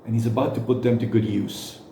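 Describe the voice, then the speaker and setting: A man talks through a reaction commentary in a halting way, stopping and restarting often. His voice rings in an echoey room with faint noise underneath. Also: medium pitch, fairly even intonation, vocal fry, mellow. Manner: halting, with frequent fillers and restarts.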